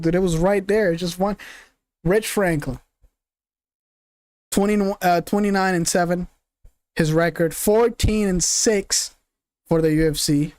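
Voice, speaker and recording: A man's voice: high voice, dry recording, studio quality. Rambling young man streaming, swearing and laughing. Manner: rambling, laughs often, swears, forgets names. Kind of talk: casual live-stream commentary.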